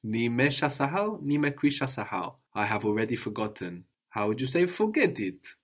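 A man's voice: medium pitch, very animated, normal speed. Patient male language tutor. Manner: patient, drills with prompts and tag questions. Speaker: language teacher. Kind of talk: one-on-one language lesson.

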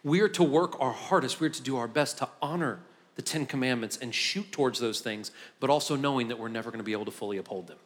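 A pastor speaks fast in a medium-pitched voice, his conversational sermon climbing from relaxed remarks to fervent high points. The church sanctuary gives the recording a long, hall-like reverb.

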